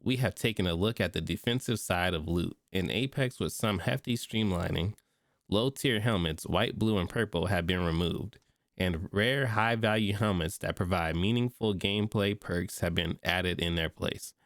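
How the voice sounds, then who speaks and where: Stuffy male streamer with a deep, dry close-mic voice; reads text, then reacts in slang. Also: normal speed, fairly bright tone, no echo. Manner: reads notes aloud, breaks off into slangy reactions. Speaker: streamer reading and reacting to game patch notes. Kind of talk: casual livestream commentary.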